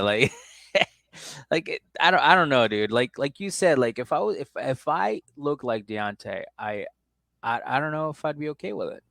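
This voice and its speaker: A man's voice: medium pitch, expressive, normal speed, creaky, a bit bright, no room sound. Chatty laughing man on a podcast. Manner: loose and chatty, laughs often, mimics people in raised voices. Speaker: podcast co-host. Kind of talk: casual chat recapping a reality show.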